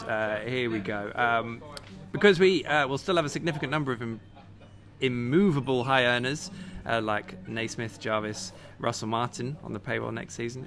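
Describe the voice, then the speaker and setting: A man's voice: medium pitch, a bit bright. A man hosting a live football fan show in a pub, chatting jokily and reading out viewers' questions. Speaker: host.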